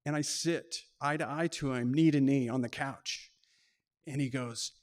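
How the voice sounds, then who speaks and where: A man's voice: medium pitch, unhurried. A man telling a personal story on stage in short, punchy lines, acting out the dialogue.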